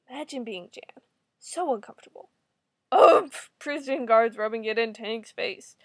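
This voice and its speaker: A young woman reading her own liveblog aloud, ranting in exasperation and swearing loudly. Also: a little high, expressive, moderate pace, no echo.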